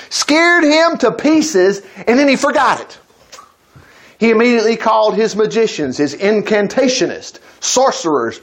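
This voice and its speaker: Guy preaching, folksy storyteller, voice jumps all over. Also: high voice. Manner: folksy, animated, acts out characters. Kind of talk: lively storytelling sermon.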